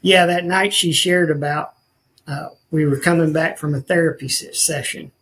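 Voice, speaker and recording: Man, slightly high-pitched, earnest, rambling, podcast guest, casual life story. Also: steady tone, moderate pace, fairly bright tone, rough recording. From rural northwest Missouri. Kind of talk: telling his life story in a casual chat.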